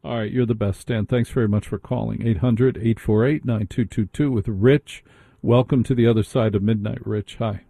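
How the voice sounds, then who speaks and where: A man's voice: lowish voice, steady tone, normal speed, vocal fry, warm tone, no room sound. A man hosting a late-night call-in radio show, bantering and teasing callers with dry humor. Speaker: radio host.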